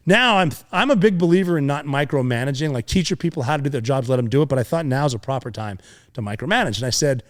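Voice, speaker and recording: A middle-aged man, a former Navy SEAL, tells a combat story in a casual interview, profane and lively, acting out voices and sound effects. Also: medium pitch, fast. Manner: animated war storyteller, profane, acts out voices and sounds, laughs often.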